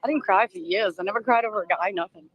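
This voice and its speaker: In a fast, mid-range voice over dull audio, a middle-aged Boston woman gives casual live commentary outdoors among a crowd. She streams from a phone on a selfie stick, chatty and emotional, often laughing and saying hello to viewers.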